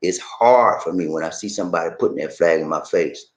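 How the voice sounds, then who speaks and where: A man's voice: low voice, brisk, reverberant, low-quality recording. A middle-aged man from the American South, giving emphatic, preachy personal commentary.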